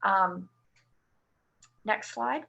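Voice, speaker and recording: Woman nurse from Canada, bright-toned, patiently walks listeners through a form in a webinar. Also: medium pitch, expressive, extremely slow, creaky, dull audio. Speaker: ostomy nurse presenter. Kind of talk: webinar presentation.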